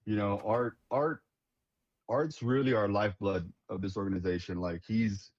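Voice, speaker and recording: Low-voiced man telling earnest stories. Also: moderate pace, darkish tone, highs cut off. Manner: earnest, repeats and restarts words, says "man" often. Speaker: veterans nonprofit leader, guest. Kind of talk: casual conversational storytelling.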